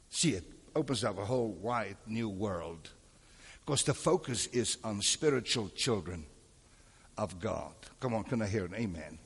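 A husky-voiced male preacher delivering a sermon, often calling on the congregation for an amen. His voice rings out with a long reverb, as in a large church hall. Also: fairly low pitch, lively intonation, unhurried. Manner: calls for amens and crowd responses. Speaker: pastor.

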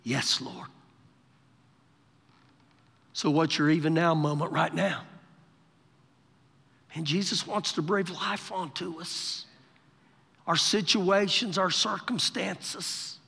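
Animated preacher man with a bright, high voice. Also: takes it slowly, vocal fry, long pauses, husky, long reverb tail. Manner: animated, acts out scripture quotes in different voices. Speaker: pastor. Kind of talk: live sermon. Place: church sanctuary during a service.

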